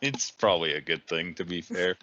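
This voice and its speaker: Low-voiced man bantering on a podcast. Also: expressive, a little fast, sharp tone, lo-fi sound. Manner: joking, teasing banter. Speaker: podcast co-host. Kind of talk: casual chat.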